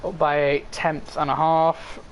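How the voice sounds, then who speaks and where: A man's voice: fairly high pitch, level tone, unhurried, slight background noise. A man commentating live on an online racing league, casually reading standings and chatting with viewers. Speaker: esports race commentator.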